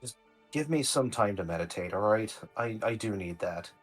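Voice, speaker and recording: Rich: A man plays his character in a tabletop game, talking in a hesitant, halting way and often restarting what he says. His voice sits low for a man. Soft music plays faintly behind him. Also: animated. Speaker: player.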